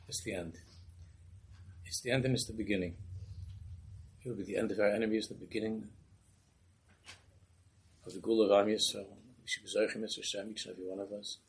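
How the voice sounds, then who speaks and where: A man delivers a sermon as a lively story and acts out its characters. His voice sits low and sounds very husky and raspy. Gravel creaks through the ends of his lines. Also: a little fast, long pauses, poor audio.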